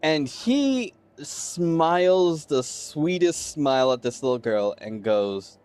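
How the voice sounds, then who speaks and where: Lively male game master narrating. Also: fairly high pitch, slow pace, smooth. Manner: animated, descriptive storytelling addressing players by character name.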